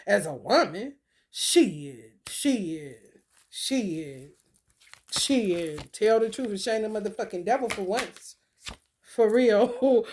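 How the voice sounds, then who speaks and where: A woman hosting a casual livestream and reading oracle cards. She swears freely, laughs often and talks straight to her viewers. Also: fairly high pitch.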